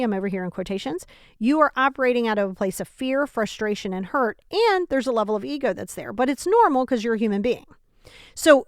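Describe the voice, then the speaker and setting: A woman hosts a self-help podcast from home, talking in a casual, animated way. She is emphatic and speaks straight to the listener, often asking rhetorical questions. Her voice sits a little high and sounds dry and close. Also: clean tone, no echo. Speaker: podcast host.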